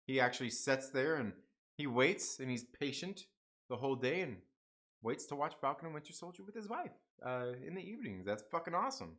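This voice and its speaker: A man's voice: mid-range voice, sing-song, a little fast, fairly bright tone. A man hosting a casual late-night live stream, chatting with viewers, swearing and laughing as he eats. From half Mexican family. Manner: profane, laughing, talks to chat while eating.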